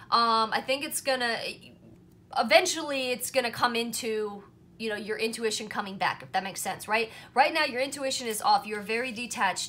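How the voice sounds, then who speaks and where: Chatty bright-voiced woman tarot reader. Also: a little high. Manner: chatty, reassuring, peppered with "right?" and "you know". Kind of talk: casual pick-a-card tarot reading to camera.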